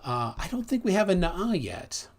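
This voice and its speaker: A man's voice: high voice, very animated, normal speed. A man hosting a livestream, chatting casually and reading viewer comments aloud in a loose, rambling way. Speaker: host.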